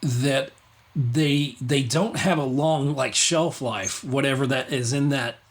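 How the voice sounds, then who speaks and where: A man's voice: medium pitch, takes it slowly. A man hosting a casual livestream podcast, rambling with many restarts and fillers. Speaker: podcast host.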